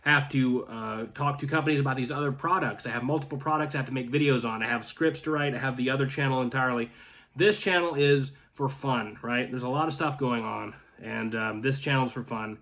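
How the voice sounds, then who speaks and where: A man from North Carolina hosts his channel from his home in Canada, speaking a little fast in a medium, slightly bright voice. He chats casually with viewers and reads their comments, rambling with joking asides and frequent restarts.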